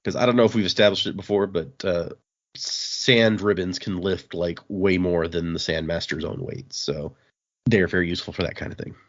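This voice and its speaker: A man hosting a podcast, recapping a comic in a relaxed, rambling chat full of fillers. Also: deep voice, normal speed. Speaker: podcast host. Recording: dull lo-fi sound.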